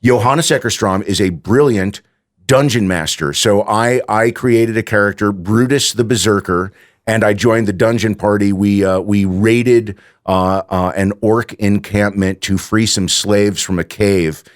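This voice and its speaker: A low-voiced man in a radio studio spins animated stories, full of quick asides and easy laughter. He talks into a studio mic in a casual chat. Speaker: radio guest host. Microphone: studio microphone.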